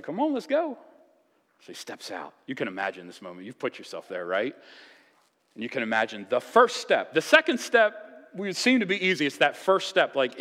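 A man preaching a sermon, telling the story in a lively, casual way and acting out voices. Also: mid-range voice. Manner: animated storytelling, acts out voices with casual asides. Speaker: pastor. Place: church sanctuary. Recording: long reverb of a church hall.

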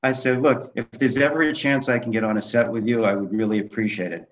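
A middle-aged man being interviewed, telling animated stories from his film career and acting out the dialogue. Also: medium pitch, quick pace. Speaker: guest, film director and memoir author. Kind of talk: conversational storytelling interview. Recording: dull lo-fi audio.

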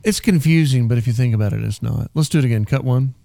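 A man's voice: medium pitch, quick pace, gravelly, very noisy. A man hosting a weekend radio show in a loose, joking, rambling way. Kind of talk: casual radio chat.

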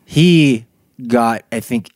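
A man's voice: medium pitch, drawn-out words, no echo. A man co-hosting a podcast who talks in a tired, easygoing way and often hedges with "I think". His voice is recorded close and dry. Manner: chatty, tired, hedging with "I think". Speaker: podcast co-host. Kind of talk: casual chat.

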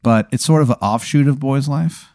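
A man improvising a tabletop game as its game master, with a deadpan, meandering delivery. His pitch is medium and he stalls often on ums and likes. The recording is close and dry, with no room sound. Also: normal speed, dry recording.

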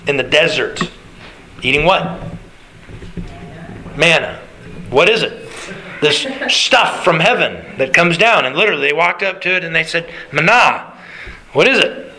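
A man with a fairly high, bright voice preaching a sermon at an unhurried pace. He poses questions to the congregation and answers them himself. He walks his listeners step by step through the scripture passage. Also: lively intonation, low-quality recording.

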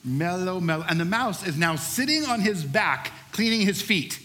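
A middle-aged male pastor preaching a sermon, telling a lively personal story before moving into scripture. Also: high voice, normal speed. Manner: animated storyteller, shouts during the story's peaks.

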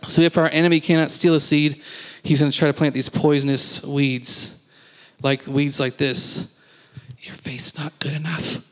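A man preaching a sermon as pastor, talking conversationally and asking the congregation questions in a church sanctuary. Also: fairly high pitch. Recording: long reverb of a church hall.

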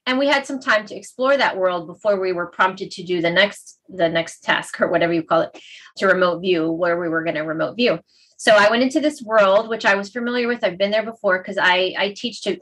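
A middle-aged woman, a meditation teacher, telling a heartfelt story in a casual conversation, animated and emotional. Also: medium pitch, low-quality recording.

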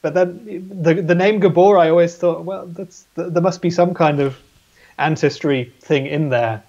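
A man's voice: on the high side, fairly even intonation, moderate pace, darkish tone, muffled recording. A man guesting on a casual podcast, talking in an easygoing, agreeable way. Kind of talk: casual chat.

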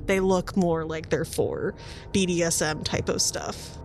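A woman's voice: on the low side, fairly even intonation, slight background noise. Casual woman game master. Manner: casual, laughing, quick asides. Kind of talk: narrating a tabletop game.

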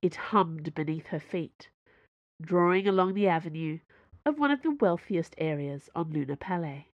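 A woman's voice: on the low side, lively intonation, moderate pace, dry recording, dull audio. Woman narrating a story, dry and close. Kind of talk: audiobook narration.

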